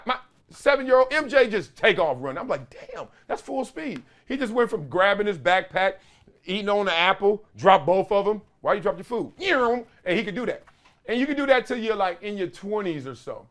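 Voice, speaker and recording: Forties guy hosting a sports talk show, slangy and lively, kinda high voice, laughs into his own stories. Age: 40s. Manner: animated storyteller, slangy, acts out voices with laughs. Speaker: show host.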